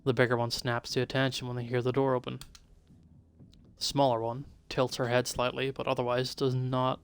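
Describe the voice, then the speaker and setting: A man's voice: mid-range voice, monotone, moderate pace, smooth. A man streaming, reading a visual novel aloud in a plain, easy voice. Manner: reads narration and the hero's lines in a plain, easy voice.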